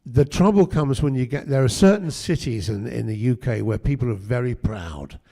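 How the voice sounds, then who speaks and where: A man's voice: mid-range voice, animated, moderate pace, creaky, mellow. An older man, a guest actor, telling chatty anecdotes at a convention panel interview, with frequent restarts. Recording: echoey hall.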